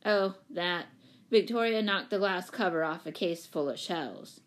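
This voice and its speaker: A woman reading aloud lowers her voice for a sulky boy in a children's story. He answers flatly and grumbles, with little patience for talk. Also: a little slow, lightly acted. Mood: grumbling.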